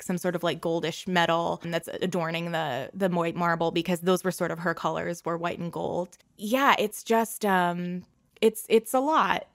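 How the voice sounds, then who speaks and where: A woman's voice: on the low side, gravelly, no echo, studio quality. A woman game master narrating a tabletop game in a casual, chatty way with many fillers.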